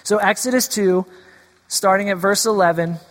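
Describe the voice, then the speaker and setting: A man's voice: high voice, fairly even intonation, normal speed, a bit bright. A man preaching a sermon as a pastor, playful and teasing at first, then earnest. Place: church sanctuary. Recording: long hall reverb.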